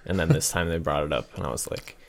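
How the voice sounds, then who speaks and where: A man's voice: very deep voice, fast, vocal fry. A young man telling a profane story in casual podcast chat, slipping into quoted voices. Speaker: podcast co-host.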